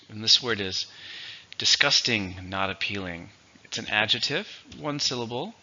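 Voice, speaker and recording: A man teaching English vocabulary in a slow, clear, instructive way. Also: on the low side, sharp tone. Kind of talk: vocabulary lesson. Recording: dull, lo-fi recording.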